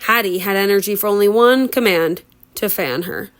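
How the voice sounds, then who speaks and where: A woman's voice: mid-range voice, normal speed, fairly bright tone. A woman reading a novel aloud at home as a homemade audiobook, breaking into giggly, chatty asides. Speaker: reader.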